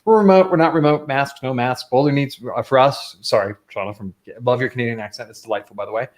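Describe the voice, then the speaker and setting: A man's voice: medium pitch, quick pace. A man hosting a business talk show, rambling and conversational with many restarts. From Colorado, US. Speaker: podcast host. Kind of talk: casual talk with ad segment.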